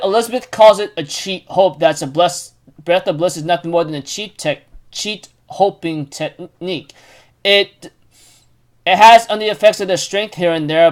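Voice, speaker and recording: A man casually recapping a manga chapter, rambling with many fillers and restarts. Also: sits high.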